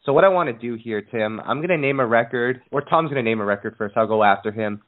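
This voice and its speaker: Easygoing podcast host on a phone line. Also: male voice, medium pitch, fast. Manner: easygoing, steers the segment. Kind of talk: casual interview. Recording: phone-like narrow sound.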